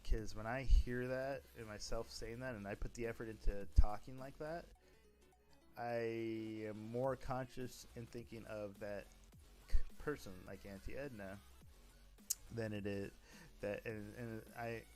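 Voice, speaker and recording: A man's voice: on the low side, a little mellow. A man streaming, talking casually about running a role-play server, rambling with frequent restarts and self-corrections. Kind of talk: casual livestream talk.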